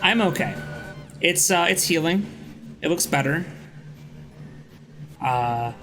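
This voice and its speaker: A man's voice: on the high side, expressive, takes it slowly, sharp tone, rough recording. A young man hosting a stream, chatting casually and telling a rambling story with restarts and swearing. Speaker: streamer host. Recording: music playing faintly behind.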